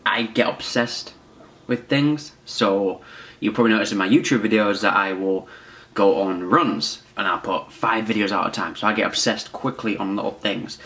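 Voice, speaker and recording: A vlogger in his twenties tells a personal story to the camera, chatty, rambling, and poking fun at himself. His voice is fairly low and fairly bright, with slight background noise.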